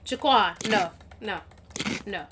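A woman's voice: medium pitch, lively intonation, slow pace, background noise. A woman co-hosting a gaming channel, giving playful, boastful trash talk as she plays. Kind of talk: casual gameplay commentary.

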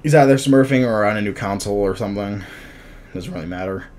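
A young man giving live commentary over his fighting-game matches, casual and self-critical, muttering under his breath and then yelling out at big moments. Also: on the low side, fast talker. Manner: reactive, swings from muttering to sudden shouts. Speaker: gameplay commentator.

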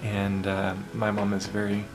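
A man vlogging to camera in a heartfelt, casual way, halting and full of pauses and ums. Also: fairly low pitch, monotone, rough recording. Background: music playing.

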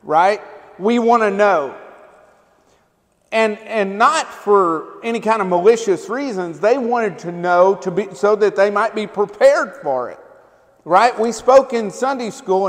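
A man's voice: high voice, unhurried. A male pastor preaching a sermon in a loose, conversational way, often checking in with the congregation. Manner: conversational, keeps asking the congregation "right?" and "amen?". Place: church sanctuary. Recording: long church hall reverb.

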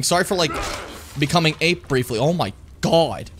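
A man casually commenting on his own gameplay as a streamer, swearing freely and jumping from chatter into sudden shouts. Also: fairly high pitch, moderate pace, slight background noise. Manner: animated, swearing, jumps into shouting.

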